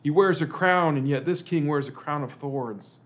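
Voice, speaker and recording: A man, a pastor, delivering a dramatic sermon full of rhetorical questions, swinging between emphatic lines and hushed ones. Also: a little high, moderate pace. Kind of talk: dramatic Good Friday sermon.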